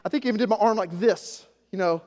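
A man in his forties from Arkansas, preaching a sermon with self-mocking stories, shifting from quiet asides to loud emphasis. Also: sits high, quick pace. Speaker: pastor. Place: church sanctuary. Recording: echoey hall.

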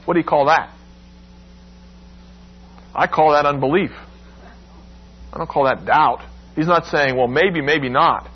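A man preaching a sermon, expressive and emphatic, acting out the quoted lines with sudden rises. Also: fairly high pitch, a little slow, long pauses, breathy edge, highs cut off.

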